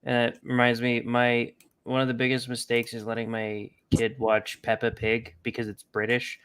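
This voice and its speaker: Bright-voiced man, wry and sarcastic. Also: medium pitch, monotone, normal speed, a little hiss or hum. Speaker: podcast cohost. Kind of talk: casual chat.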